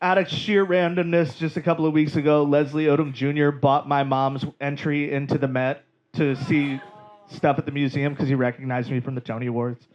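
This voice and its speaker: A man's voice: on the high side, level tone, brisk, muffled recording. A man from Georgia telling a wry, profane story in a stand-up set on a comedy club stage.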